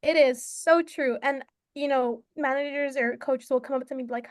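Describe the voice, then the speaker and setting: High-voiced earnest young woman umpire. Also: steady tone, normal speed. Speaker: umpire guest. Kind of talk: casual interview talk.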